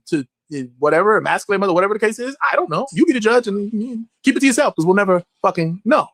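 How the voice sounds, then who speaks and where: Blunt, profane man with a lively voice. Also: high voice, quick pace, few pauses, no echo. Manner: blunt and profane, animated storytelling. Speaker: actor, interview guest. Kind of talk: candid conversational interview.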